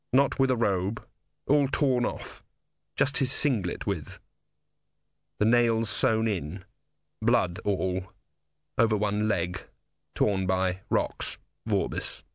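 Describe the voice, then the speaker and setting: A man's voice: lowish voice, no echo. Man reading a novel aloud, dry and close. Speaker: audiobook narrator. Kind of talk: scripted narration.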